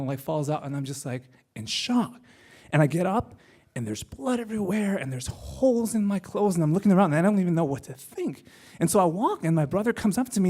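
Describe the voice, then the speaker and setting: A man telling a true personal story at a live storytelling event, animated and acting out the people in it. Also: high-pitched. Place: club stage before a live audience.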